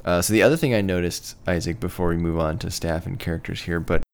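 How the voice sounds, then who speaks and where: A man's voice: low voice, steady tone, fast talker, clean tone. A man co-hosting a casual podcast chat, talking in a thoughtful, hedging way. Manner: thoughtful, hedging, apologetic about pronouncing names. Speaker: podcast co-host.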